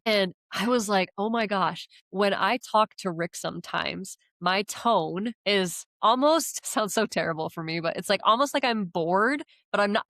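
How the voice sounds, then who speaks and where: A woman co-hosting a podcast in casual chat, high-energy, rambling, and often sounding sarcastic even when sincere. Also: dry recording, studio quality. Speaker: podcast co-host.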